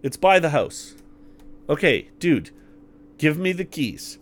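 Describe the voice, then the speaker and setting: A man's voice: a little high, sing-song, slow pace, slight background noise. A man playing a tabletop game, talking brashly with swearing and stumbling restarts. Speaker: player. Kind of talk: casual tabletop play.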